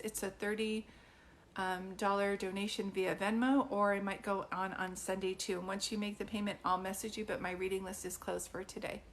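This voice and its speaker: A woman doing live psychic readings for viewers, chatty and informal, filling pauses with ums and calling people sweetie. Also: mid-range voice, slight background noise. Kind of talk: livestream chat with viewers.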